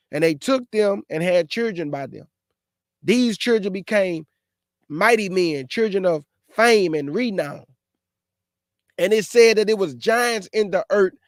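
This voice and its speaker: High-voiced man preaching on a livestream. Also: dry recording, clean studio sound. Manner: lively, exasperated, addresses viewers directly. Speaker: host of a live show.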